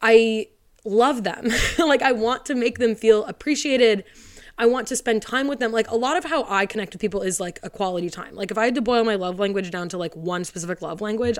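A young woman hosting a confessional podcast alone from her living room, close to the mic. She is tearful and rambles, filling her speech with "like". Her pitch sits in the middle of the usual female range. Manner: rambling, heavy use of "like", tearful and laughing. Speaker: podcast host. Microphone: studio mic, close.

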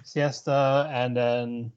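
A man's voice: medium pitch, level tone, very slow, darkish tone, smooth, dull audio. A man co-hosting a podcast in casual chat, recapping an anime episode in a rambling way and laughing between lines. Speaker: podcast co-host.

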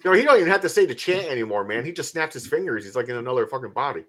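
A man co-hosting a horror podcast in casual chat, animated and swearing freely. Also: medium pitch, very fast. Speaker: podcast co-host.

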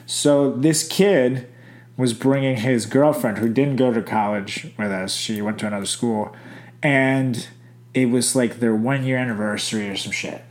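A man's voice: mid-range voice, a little slow, reverberant. A young man co-hosting a casual chat, telling crude stories with lots of swearing. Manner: crude, animated storyteller, swears a lot.

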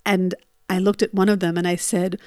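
A woman's voice: lowish voice, level tone, moderate pace, mellow, no echo. Dry, emotional woman storyteller. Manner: emotional, re-lives her panic in rising bursts. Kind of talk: personal storytelling.

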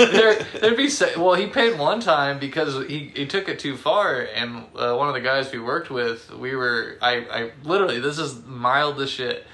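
A young man co-hosting a podcast, telling stories in a rambling, halting way with lots of fillers, a bit tipsy from beer. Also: mid-range voice, sharp tone. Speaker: podcast co-host. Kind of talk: casual chat.

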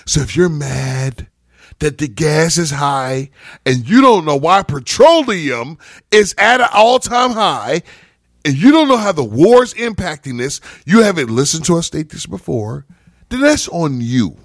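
A man's voice: on the high side, expressive, a little slow, no room sound, studio quality. A man on a casual podcast panel, ranting heatedly and emphatically, with frequent cursing.

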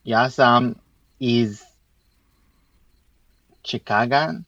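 A man's voice: mid-range voice, a bit bright, muffled recording. A man co-hosting a podcast lesson, carefully repeating phrases after the teacher. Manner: slow, careful repetition. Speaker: podcast co-host, learner. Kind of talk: casual podcast practice.

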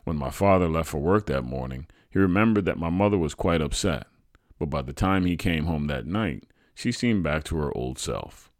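A man hosting a podcast, reading a true family story aloud in an expressive, animated way. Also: very deep voice, moderate pace, creaky, no room sound, studio quality. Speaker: podcast host and narrator.

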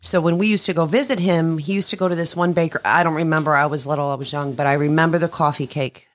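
A woman chatting casually, reacting in short animated remarks. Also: low-pitched, quick pace. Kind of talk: casual chat.

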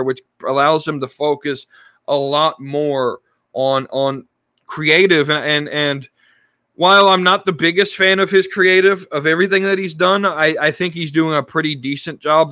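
A podcast host with a slightly high voice, pushed and bright on a dry recording, rambles through casual wrestling talk. He restarts his sentences frequently and fills gaps with fillers.

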